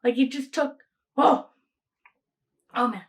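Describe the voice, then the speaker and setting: A young woman with a high voice hosts a casual solo podcast, speaking slowly and rambling with many restarts and frequent laughter. She is of Greek heritage and grew up in the United States. The audio quality is poor.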